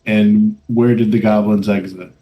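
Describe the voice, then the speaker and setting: A man's voice: fairly low pitch, flat delivery, unhurried, muffled recording. A man playing a tabletop game, asking plain questions in casual talk. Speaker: player.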